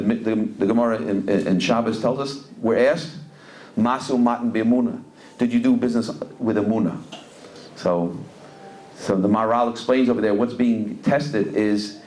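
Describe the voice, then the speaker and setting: A middle-aged man with a medium-pitched, darkish voice teaches Torah as a rabbi, telling stories in English laced with Hebrew and Yiddish. Speaking in a community center event hall, he repeats words when reaching for a phrase.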